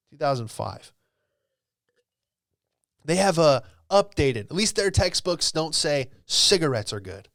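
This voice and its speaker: A man's voice: fairly high pitch, sing-song, unhurried, gravelly, long pauses, fairly bright tone, dry recording, studio quality. A man in his late twenties from Virginia, hosting a podcast and telling a story in a loose, casual way, swearing freely and saying "dude" and "like" a lot. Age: late 20s. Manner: laid-back, swears freely, peppered with "dude" and "like". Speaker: podcast host.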